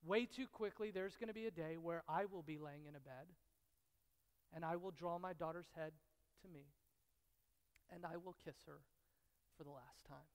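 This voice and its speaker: A pastor with a fairly high male voice preaches a sermon, telling stories with repetition and dramatic pauses. He swings from hushed, intimate lines to loud, excited bursts, amid the long reverb of a large hall.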